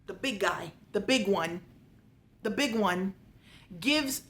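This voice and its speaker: A woman's voice: mid-range voice, slow pace. Woman giving a sarcastic book review. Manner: sarcastic, animated retelling.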